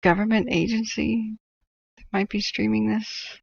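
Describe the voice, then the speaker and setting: A northern California woman tells rambling stories and laughs frequently as she hosts a livestream, chatting casually while tracking wildfires. Her medium-pitched voice is steady, husky, and fried, a little slow, heard through a muffled recording.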